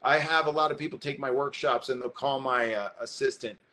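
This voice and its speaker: A man presenting an online photography workshop, animated and high-energy, talking straight to his viewers while alone at his computer. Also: a little fast. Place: indoors, alone in front of a computer. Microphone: webcam or computer mic, alone talking to a screen.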